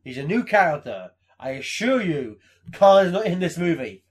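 Man, high voice, very lively pitch, podcast co-host, casual, animated. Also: moderate pace. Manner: animated, swearing, laughing, acting out quotes. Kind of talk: casual chat.

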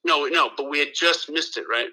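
Bright-voiced man telling a rambling story. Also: fairly high pitch, a little fast, rough recording. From Los Angeles area. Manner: rambling, profane, full of restarts and quoted dialogue. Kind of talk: casual storytelling.

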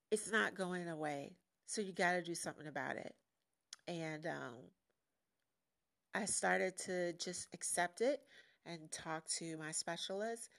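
Chatty, candid woman hosting a podcast. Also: on the low side. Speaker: podcast host. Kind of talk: casual solo podcast monologue.

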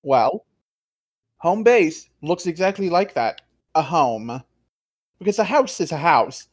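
A man's voice: on the high side, animated, slow pace. A man playing a tabletop game, explaining his character's world in a loose, rambling way. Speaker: player. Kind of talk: tabletop role-play.

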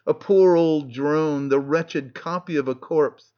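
Slow, mournful male audiobook reader. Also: a little high, highs cut off. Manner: slow, measured, mournful recitation. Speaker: audiobook narrator. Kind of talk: reading a verse tragedy aloud.

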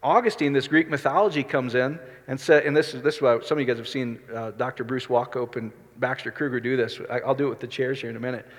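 A man's voice: medium pitch, fairly even intonation, fast, few pauses. A middle-aged man preaching a sermon as a pastor, talking conversationally and asking the congregation questions. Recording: reverberant hall.

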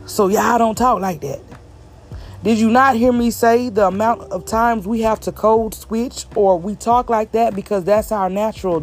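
A woman from the American South, a vlogger giving an emphatic, exasperated commentary to camera, speaking slowly and deliberately so every word is clear. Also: mid-range voice, darkish tone. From Southern United States. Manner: deliberately slow, clear delivery. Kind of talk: direct-to-camera commentary rant.

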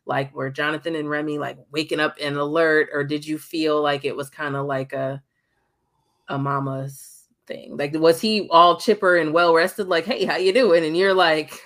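A woman's voice: sits low, level tone, normal speed, a bit bright. A young adult woman co-hosting a podcast, talking candidly in casual chat, swearing freely and acting out what people said. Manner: candid, swears, acts out quotes. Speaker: podcast co-host.

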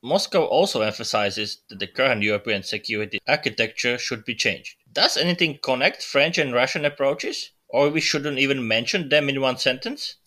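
Bright-voiced male interviewer. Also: mid-range voice, animated, normal speed, hardly any pauses. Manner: formal, probing questions. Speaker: interviewer, host. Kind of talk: interview questions.

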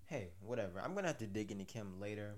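A man's voice: fairly low pitch, animated, fast talker. Chatty man recapping a story. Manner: rambling, chatty asides. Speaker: commentary host. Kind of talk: casual commentary recap.

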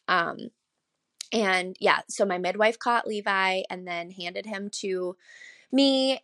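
Young woman, podcast guest, chatty storytelling, lots of self-corrections, close dry sound. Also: no echo. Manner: animated, acts out quoted voices with big pitch jumps. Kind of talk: casual storytelling.

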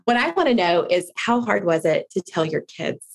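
A woman hosting an interview, encouraging and affirming as she asks her guest questions. Her pitch moves a lot as she speaks, lively and engaged. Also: normal speed. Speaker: interview host. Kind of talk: conversational interview.

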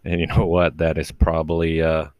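A man hosting a casual late-night solo podcast from his bedroom, talking low and quietly, rambling and crude and mocking himself. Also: completely flat delivery, normal speed, dry recording. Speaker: podcast host. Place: bedroom at home with the door shut.

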